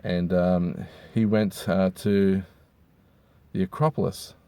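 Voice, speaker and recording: A hungover man, rambling crudely and with deadpan humor while reviewing hats from inside a car. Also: low voice, slow, clear, resonant tone, no echo. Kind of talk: casual rambling monologue.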